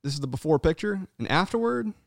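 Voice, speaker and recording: A man co-hosting a casual podcast, animated and swearing freely, acting out people's voices when he tells stories. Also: fairly high pitch, quick pace, vocal fry, no echo, clean studio sound. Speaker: podcast co-host.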